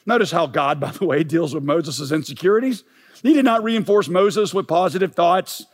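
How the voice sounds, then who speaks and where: A man preaching a sermon as pastor, emphatic and building to forceful peaks. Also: a little high, lively intonation, normal speed, husky. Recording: long reverb of a large hall.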